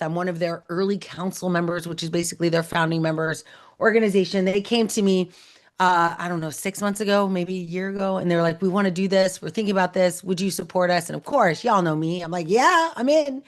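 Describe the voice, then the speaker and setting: Chatty, bubbly woman host. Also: lowish voice. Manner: bubbly, chatty, quick asides. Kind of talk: casual chat while unboxing gifts.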